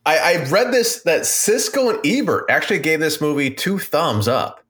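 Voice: medium pitch, lively intonation, normal speed, fairly bright tone. A podcast co-host in casual movie chat, making wry, sarcastic jokes.

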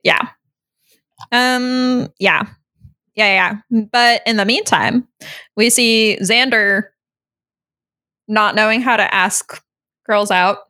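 A woman's voice: mid-range voice, takes it slowly, pauses often, pushed and bright. A woman co-hosting a casual podcast, chatting and laughing as she recaps an episode. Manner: chatty, laughs often, acts out quotes. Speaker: podcast co-host.

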